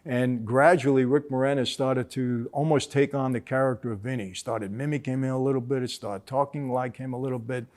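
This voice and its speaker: A man's voice: mid-range voice, steady tone, fairly quick, few pauses, darkish tone. An older man from the East Coast of the US, hosting and reviewing a film in a casual, storytelling way, with many fillers, acting out quoted lines. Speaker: host reviewing a mob film.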